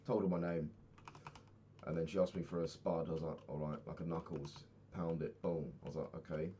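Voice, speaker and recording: Young man, very low voice, casual rambling video diary, swears and laughs, faint keyboard clatter behind. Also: flat delivery, brisk, dark tone, muffled recording, slight background noise. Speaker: vlogger. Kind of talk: casual video-diary chat while gaming.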